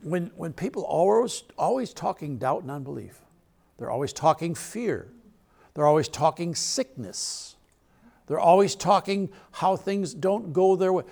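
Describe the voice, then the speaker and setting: A man's voice: a little high, animated, measured pace, vocal fry, darkish tone. A male pastor preaching a sermon in a conversational way, asking the crowd questions and laughing between points.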